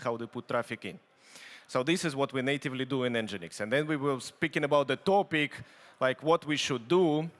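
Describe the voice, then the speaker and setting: A man with a Russian accent giving a conference tech talk, halting with many fillers and restarts and dry joking asides. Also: medium pitch, fairly bright tone. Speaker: conference speaker. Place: conference hall stage. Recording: long hall reverb.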